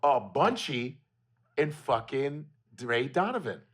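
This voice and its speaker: A comedian man guesting on a podcast, with a mid-pitched voice. He talks in a laid-back, slangy way and swears casually. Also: sing-song, slow. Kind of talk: casual chat.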